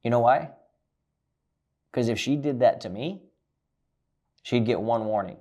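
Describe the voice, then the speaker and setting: Blunt, profane male relationship coach. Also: measured pace. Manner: blunt and profane, swings between loud emphasis and low quiet lines. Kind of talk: direct coaching monologue.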